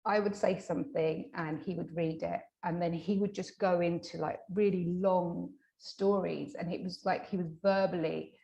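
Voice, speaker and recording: A woman with a slightly low voice tells a story from her practice in a relaxed interview. She acts out the quoted lines with bursts of energy and often trips over her words before going on. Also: normal speed, vocal fry, few pauses, dull audio. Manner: animated, acts out quoted dialogue; many fillers and restarts. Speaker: hypnotherapist guest.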